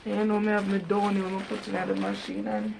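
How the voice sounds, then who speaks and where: A woman's voice: mid-range voice, big pitch swings, quick pace, noisy background. A Jamaican woman vlogger chatting casually and emphatically, talking straight to her viewers. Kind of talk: casual chat.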